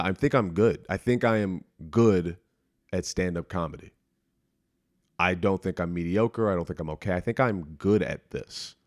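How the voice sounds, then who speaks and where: Low-voiced man rambling casually, dry sound. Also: darkish tone, no room sound. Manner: rambling, self-deprecating, swears freely, restarts a lot. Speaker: podcast host. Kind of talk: casual solo podcast monologue. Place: small apartment room.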